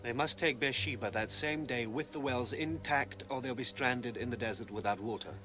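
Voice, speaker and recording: An actor playing an old family friend with a dry, wry manner. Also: male voice, medium pitch, moderate pace, lightly acted. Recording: reverberant with music score.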